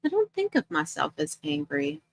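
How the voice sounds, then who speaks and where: A woman's voice: low voice, wildly swooping pitch, normal speed, dry recording. A middle-aged woman hosting a casual livestream chat, greeting viewers by name and laughing often as she talks. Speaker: livestream host.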